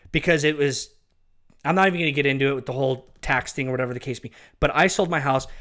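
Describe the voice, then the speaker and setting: A man's voice: medium pitch, a bit bright. A man talking casually and with agitation, repeating himself and venting about someone he used to work with. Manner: agitated, emphatic, repeats himself, insults and addresses an absent person directly. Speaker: former ministry worker telling his story. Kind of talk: casual ranting monologue.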